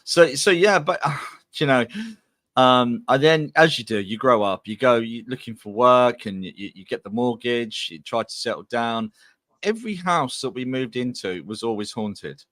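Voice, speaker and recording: A man's voice: mid-range voice, expressive, moderate pace, a bit bright, dry recording. A man from England, a guest medium, telling his life story in a chatty, rambling way on a video call podcast. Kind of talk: casual podcast interview.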